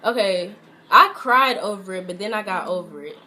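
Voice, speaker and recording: A young woman chats straight to the camera, retelling a personal story in a loose, filler-heavy way. Her voice sits at an ordinary middle pitch. A faint hiss runs under the recording. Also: normal speed. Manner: chatty, animated, lots of "like" fillers. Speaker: vlogger. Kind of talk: casual storytime vlog.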